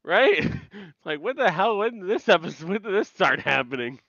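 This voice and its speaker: Animated young podcast guy, dull sound. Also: high-pitched, moderate pace, no room sound. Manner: animated, laughing, swearing. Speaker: podcast co-host. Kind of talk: casual recap chat.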